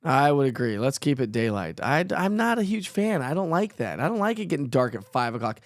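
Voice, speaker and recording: A man's voice: medium pitch, big pitch swings, fairly quick, dry recording, studio quality. A man hosting a casual live weather show, chatty and playful, who jokes at his own expense and laughs often. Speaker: weather forecaster host.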